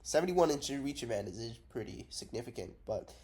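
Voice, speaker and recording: A man's voice: mid-range voice, lively intonation, brisk, a little mellow. A man giving casual, rambling fight predictions, blunt and profane, unwell and drowsy from cough syrup. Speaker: MMA predictions vlogger. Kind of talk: casual unscripted commentary.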